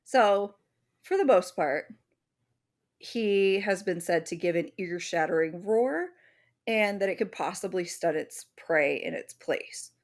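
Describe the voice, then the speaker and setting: A woman co-hosting a podcast, presenting the episode's topic in casual chat, animated and swearing freely. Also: on the low side, slow. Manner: animated, swears freely, acts out little voices.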